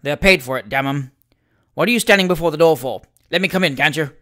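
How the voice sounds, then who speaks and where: A man voicing a gruff, harsh drunken old father who snaps out his lines. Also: mid-range voice, a little fast, sharp tone, lightly acted. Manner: gruff, snapping.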